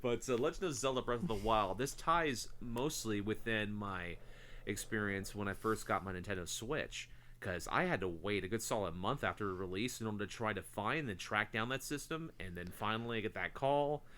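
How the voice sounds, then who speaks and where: A man co-hosting a casual podcast, rambling through excited stories and swearing freely. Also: on the low side, normal speed, a little hiss or hum. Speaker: podcast co-host. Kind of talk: casual chat.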